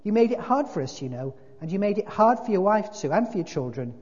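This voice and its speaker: A gentle, patient spirit pleads softly but earnestly, as a preacher voices him, pitched rather high. The voice sounds dull and muffled, with long reverb in a large hall. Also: male voice, very animated, a little fast, breathy edge, heavily acted. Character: calm, gentle male spirit, a reformed murderer.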